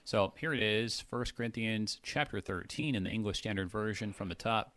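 A man reading a Bible passage with deliberate emphasis, then discussing it casually with fillers and restarts. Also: fairly low pitch, a bit bright, dry recording. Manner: reads slowly with strong emphasis, then chats with fillers and restarts. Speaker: host reading and discussing scripture.

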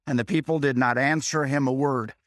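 A man's voice: mid-range voice, fairly even intonation, no room sound, studio quality. A man reading a Bible passage aloud and stopping to explain it in plain, everyday words, repeating his points and checking in with "okay?". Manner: reads scripture slowly, stops to explain in plain words. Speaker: preacher.

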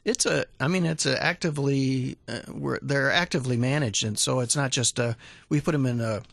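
Man, studio interview guest, halting speech, fillers, dry close sound. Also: mid-range voice, creaky, a bit bright, no echo. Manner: halting, many fillers and restarts. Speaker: museum director, guest. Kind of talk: casual radio interview. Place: radio studio. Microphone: studio microphone.

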